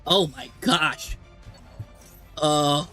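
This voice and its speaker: Male streamer, high-pitched, live play-by-play, exasperated and animated, faint music underneath. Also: drawn-out words. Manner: exasperated, animated, talks to the screen. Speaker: streamer commentating a card game. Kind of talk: live game commentary.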